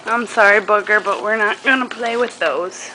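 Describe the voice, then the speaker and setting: A woman's voice: medium pitch, moderate pace, pushed and bright, slight background noise. A woman filming her baby at home, coaxing her in a sing-song baby-talk voice.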